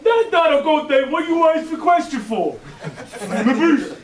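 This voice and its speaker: A man voicing a brash male donkey mafia thug who is a football fanatic, cheering loudly and gleefully. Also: very high-pitched, very animated, normal speed, echoey room, recorded from a distance, pitched above the performer's own voice. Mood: defiant. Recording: loud crowd noise in room.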